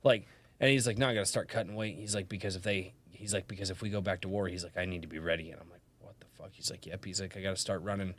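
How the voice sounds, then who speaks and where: A man hosting a casual podcast, telling stories in an animated, profane way and acting out quotes. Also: deep voice, racing. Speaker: podcast host.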